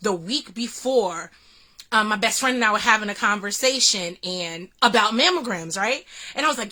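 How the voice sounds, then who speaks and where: A woman's voice: medium pitch, expressive, moderate pace, bright, forceful tone. A woman vlogger earnestly recounting a personal experience, full of restarts and fillers. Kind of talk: personal storytelling vlog.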